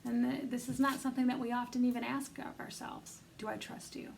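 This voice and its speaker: Gravelly-voiced woman coaching self-love. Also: on the high side, level tone, fairly quick, darkish tone, a little hiss or hum, poor audio. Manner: earnest, encouraging, speaks straight to the listener. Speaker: self-love coach leading an online bootcamp. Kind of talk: conversational self-help coaching talk.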